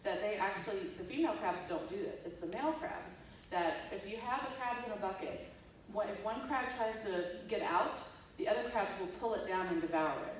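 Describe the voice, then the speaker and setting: A woman professor delivers a conversational keynote, animatedly telling stories and acting out the quotes. Her medium-pitched voice is fairly quick, picked up by a distant room mic in a large, echoey hall with slight background noise.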